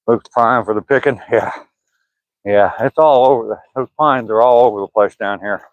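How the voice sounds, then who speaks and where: An older man from Georgia in the Southern US livestreams a walk outdoors past pine woods, holding his phone camera as he goes. Easygoing and rambling, he chuckles while reading the chat aloud. His voice is fairly low at a normal speed, and the audio is dull with no echo.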